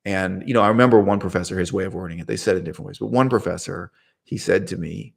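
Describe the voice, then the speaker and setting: A man's voice: low voice, fast, vocal fry. A man hosting his own channel, telling a personal story in a digressive, self-correcting way and laughing at himself. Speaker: channel host. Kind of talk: rambling personal monologue.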